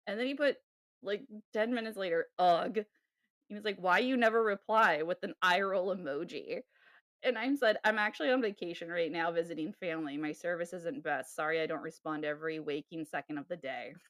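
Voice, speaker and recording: A woman co-hosting a podcast, telling a dating story in a casual, animated way with sighs and laughs. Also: lowish voice, fairly quick, no echo, clean studio sound. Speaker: podcast co-host. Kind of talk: casual chat.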